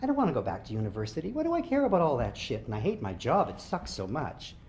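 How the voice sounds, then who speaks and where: A troubled young man, fresh from grief and newly enlisted, talks in halting, offhand bursts, as a man reads him aloud. His voice swings up and down with plenty of movement. It sits at an ordinary middle pitch. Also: huge pitch swings, darkish tone, a little hiss or hum. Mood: defensive. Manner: halting, conversational, swearing. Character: young man, grieving, impulsive, has just enlisted.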